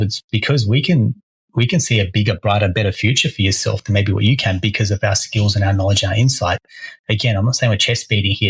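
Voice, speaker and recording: A man's voice: lowish voice, a bit bright, slightly rough, no echo, low-quality recording. A man, co-hosting a casual podcast as a mortgage broker, talking energetically and often restarting his phrases.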